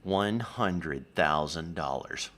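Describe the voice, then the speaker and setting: Male streamer, casual rambling chat, acts out quoted voices, unhurried. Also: very deep voice, lively intonation, a bit bright.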